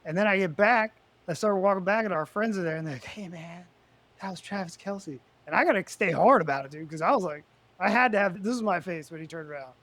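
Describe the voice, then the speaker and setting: A man with a high voice spins casual podcast stories. He talks loosely, with plenty of slang, and jumps up in pitch and volume when he acts out a showdown. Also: fast talker, no echo. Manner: animated storyteller, loud and high when retelling confrontations. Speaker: podcast co-host. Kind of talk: casual podcast banter and storytelling.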